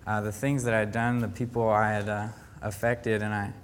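A young man, a camp counselor, giving an earnest, halting personal faith testimony to a group, with frequent restarts. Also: lowish voice, level tone, smooth. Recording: long hall reverb.

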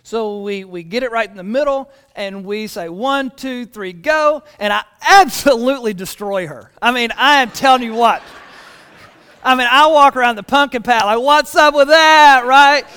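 Animated pastor preaching. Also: male voice, very high-pitched, moderate pace, clear, resonant tone, long reverb tail. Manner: animated storytelling with repeated restarts. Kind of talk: sermon. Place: church.

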